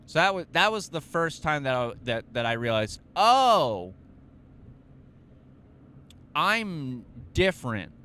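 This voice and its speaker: A man's voice: mid-range voice, animated, a little fast, hardly any pauses, bright, forceful tone, clear, resonant tone. A young man telling a story on his podcast, profane and self-mocking, rambling with fillers and restarts. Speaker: podcast host. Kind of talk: casual storytelling monologue.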